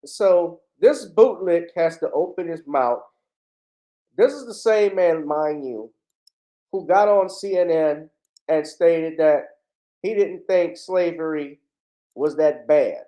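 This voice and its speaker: A man with a fairly high voice hosting a livestream. He talks bluntly and indignantly, swearing freely as he comments. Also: slow, mellow. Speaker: livestream host. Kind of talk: heated commentary.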